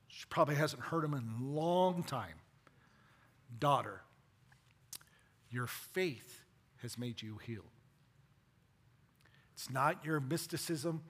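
A man preaching a sermon as a pastor, dramatic and animated, swinging between loud and hushed. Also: medium pitch, breathy edge.

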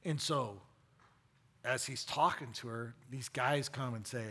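A man preaching a sermon as a pastor, dramatic and animated, swinging between loud and hushed. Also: mid-range voice, unhurried, husky.

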